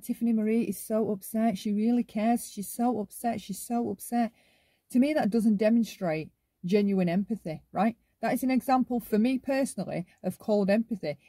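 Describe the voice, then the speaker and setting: A woman's voice: mid-range voice, darkish tone, breathy edge, dry recording. A woman hosting a casual commentary monologue, often ending her points with "right?". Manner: talks in long runs, ends many lines with "right?". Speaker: commentary channel host.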